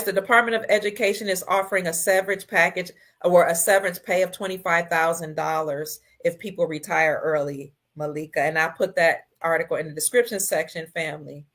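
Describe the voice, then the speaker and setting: A woman hosting a casual livestream, reading viewer comments, emotional and tearful, her voice swinging between soft and loud. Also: on the low side. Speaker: livestream host.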